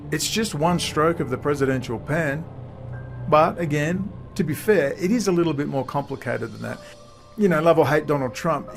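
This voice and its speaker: A man giving political commentary, reading quotes aloud and laughing at them mockingly. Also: on the high side. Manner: mocking, laughs at what he reads.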